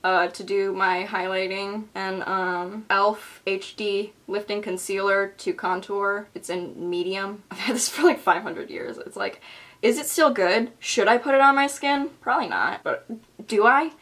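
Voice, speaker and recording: A woman's voice: medium pitch, unhurried, a bit bright. A young woman talks her way through a makeup tutorial at home, loose and rambling, dropping swear words and jokes at her own expense. Her voice sits mid-range and her delivery has the unscripted feel of a casual bedroom vlog. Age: young adult. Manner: rambling, profane, self-mocking. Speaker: beauty vlogger.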